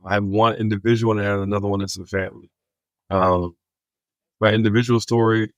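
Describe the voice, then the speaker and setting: Podcast guest, man; animated storyteller who acts out the dialogue, low voice. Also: dry recording. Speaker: guest, homelessness outreach worker.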